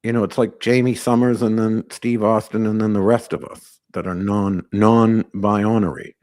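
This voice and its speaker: A man with a fairly low voice hosts a live call-in podcast. He rambles loosely from one aside to the next in a brash, joking tone. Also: flat delivery, moderate pace, darkish tone. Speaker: podcast host.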